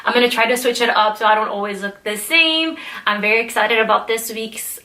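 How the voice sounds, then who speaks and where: A young woman chats to her camera in a loose, rambling vlog style. Her speech is full of filler "likes" and quick asides. Her voice sits slightly high for a woman. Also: bright, forceful tone. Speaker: vlogger. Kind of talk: casual vlog chat.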